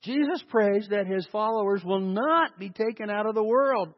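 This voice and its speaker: A man preaching a sermon as pastor, animated and sarcastic, with mocking asides to the congregation. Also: sits high, normal speed, in a large hall, dull audio.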